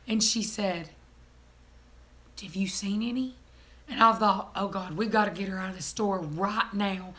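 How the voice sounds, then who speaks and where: Bright-voiced young woman vlogger. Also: medium pitch, unhurried, long pauses. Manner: animated, laughing, mimics people in quotes. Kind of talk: casual storytelling chat.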